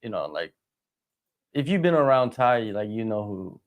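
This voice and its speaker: A man's voice: on the low side, big pitch swings, moderate pace. A man hosting a casual sports news chat, laid-back and fond of saying "you know what I mean". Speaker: host of MMA news show.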